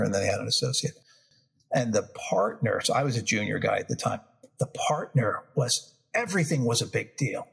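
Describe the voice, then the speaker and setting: A man in his fifties from New York, with a New York accent, telling negotiation stories as an interview guest and acting out the quotes. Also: lowish voice. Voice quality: husky, gravelly. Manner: animated storyteller, acts out quotes. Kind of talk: storytelling interview.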